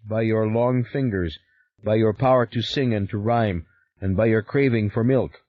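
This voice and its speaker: A man's voice: on the low side, dry recording, muffled recording, close to an everyday voice. A man reading an audiobook, voicing an insistent, powerfully built stranger who speaks urgently and presses his point. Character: powerful northern European man, insistent, knowing.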